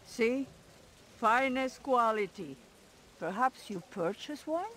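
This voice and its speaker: An actress playing a sly female insect merchant in a video game, with a put-on foreign lilt and a drawn-out sales pitch. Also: lively intonation, fairly bright tone, slight background noise. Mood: selling.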